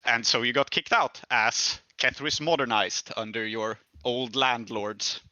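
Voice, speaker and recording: A man's voice: medium pitch, measured pace, sharp tone, no room sound. A man hosting and running a tabletop game in casual chat, chuckling often and using lots of fillers. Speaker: game master and host.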